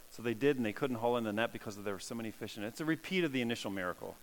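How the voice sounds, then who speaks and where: A man preaching in a relaxed, conversational way, slipping into lively voiced quotes as he tells the story. His voice carries a long reverb tail, as in a large hall. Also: lowish voice, very fast. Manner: casual, animated preaching with voiced quotes and laughs. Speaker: pastor. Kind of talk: sermon.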